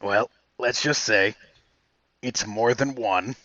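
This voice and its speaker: A man's voice: fairly low pitch, slow pace, bright, forceful tone, no room sound, lo-fi sound. A man voicing a weary, exasperated male town guard who speaks bluntly and drily. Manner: dry, fed-up and blunt.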